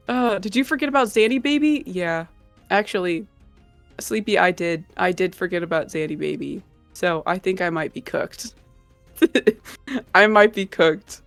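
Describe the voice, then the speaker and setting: A woman's voice: fairly low pitch, a little slow, dry recording, soft background music. A woman hosting a live stream, chatting casually with her viewers in a bubbly, giggly, gushing way. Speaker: livestream host.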